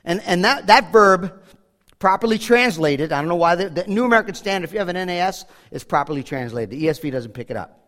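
A man's voice: sits high, lively intonation, fast talker, fairly bright tone. A man preaching a sermon as pastor, in an earnest, conversational way with frequent restarts. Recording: long hall reverb.

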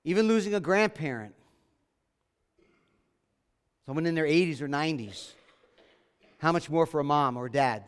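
A man's voice: on the high side, lively intonation, fairly quick, smooth, long reverb tail. A man preaching a sermon as pastor, earnest and emphatic, repeating his key phrases.

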